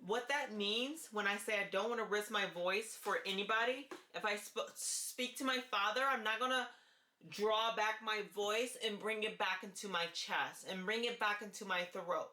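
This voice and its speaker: A woman talking to camera in a casual vlog, with a light, forward-placed voice and an earnest, deliberate way of repeating her key points. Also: mid-range voice, bright, forceful tone, reverberant. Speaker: vlogger sharing voice therapy progress.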